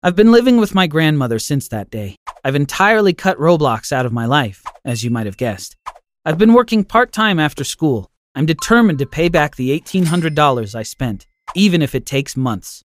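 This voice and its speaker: A man narrating a scripted first-person story in an expressive, dramatic way. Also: on the high side, moderate pace.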